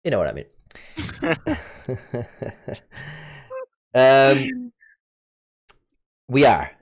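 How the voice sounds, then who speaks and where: A man's voice: medium pitch, huge pitch swings, extremely slow. A man hosting a casual podcast chat, stumbling over words, repeating himself and laughing often. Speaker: podcast host. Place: home setup, recorded over voice chat.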